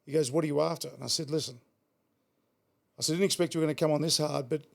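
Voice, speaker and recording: A middle-aged Australian man with a gravelly voice pitched a little high for a man. He rattles through his stories at a fast clip, blunt, swearing freely and often repeating words. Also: fairly even intonation. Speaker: guest. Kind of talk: casual storytelling.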